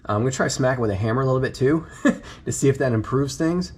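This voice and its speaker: A man's voice: medium pitch, fast, slight background noise. A young man with a mid-range voice, chatting casually on a camera mic as he moves around the car. He's hyped and easygoing and full of slang, like a car modding vlogger showing off new parts. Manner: enthusiastic, laid-back slang. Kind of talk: casual garage vlog.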